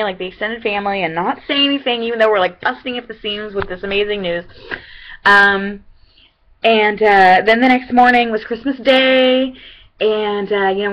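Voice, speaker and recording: A young woman with a bright, crisp voice talks casually into her computer's webcam at home. She rambles in a chatty, excitable way, full of "um"s and restarts. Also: medium pitch, rough recording. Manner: chatty, many fillers and restarts. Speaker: vlogger. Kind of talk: casual personal vlog.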